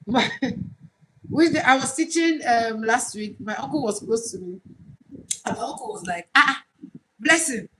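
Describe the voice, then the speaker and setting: A woman's voice: on the high side, expressive, unhurried, pauses often. A woman with a Nigerian accent speaks on a live stream, coaching would-be online tutors. She talks earnestly, pressing her points and repeating them for emphasis. There is a faint hiss behind her voice. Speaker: online tutor trainer, livestream host. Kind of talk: casual livestream talk.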